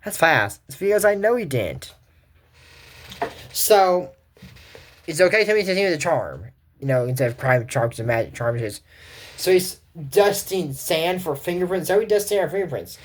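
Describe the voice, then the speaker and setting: A man's voice: fairly high pitch, animated, moderate pace. A man talks through a cartoon episode in a loose, unscripted recap. His delivery rambles, with fillers and restarts as he chases his train of thought. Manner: rambling, full of fillers and self-corrections. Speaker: cartoon commentary host.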